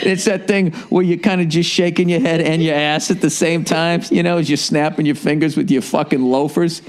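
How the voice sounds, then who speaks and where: Indoors at home by a fire, a man hosts a podcast, telling stories in casual chat. His voice is a little high and unhurried, and his manner is animated, sarcastic and profane.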